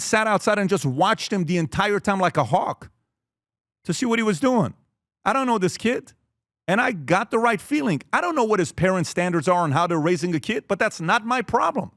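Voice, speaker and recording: A man's voice: sits high, a bit bright, dry recording, studio quality. A man giving a motivational talk to fathers, blunt and emphatic, acting out family conversations as he goes. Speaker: speaker teaching fathers.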